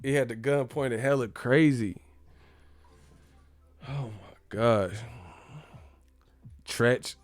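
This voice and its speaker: A man's voice: medium pitch, very slow, long pauses. Laughing, slangy man on a livestream. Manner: animated, laughs often, slangy and profane. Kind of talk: casual livestream chat.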